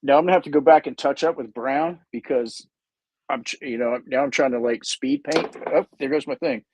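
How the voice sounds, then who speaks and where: A man's voice: medium pitch, a little fast, darkish tone, no echo, low-quality recording. A man hosting a livestream, painting while he chats in a rambling, self-interrupting, jokey way. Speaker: livestream host painting models. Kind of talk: casual rambling chat.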